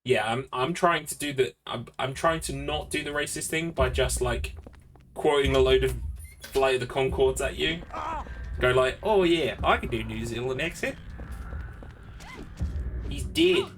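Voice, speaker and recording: A man's voice: medium pitch, steady tone, moderate pace, fairly bright tone, soft background music. A man streaming a speedrun, chatting casually with viewers between frustrated outbursts. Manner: chatty, talks to chat between bursts of frustration. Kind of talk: casual commentary while gaming. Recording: distant mic with clear background noise.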